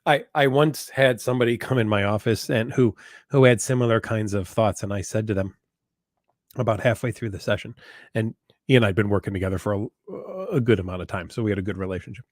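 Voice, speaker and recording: Man with a lowish voice, psychologist taking live questions, earnest and repetitive, deliberate on key points, dry room. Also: no room sound. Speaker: psychologist answering viewer questions. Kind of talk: live online Q&A advice.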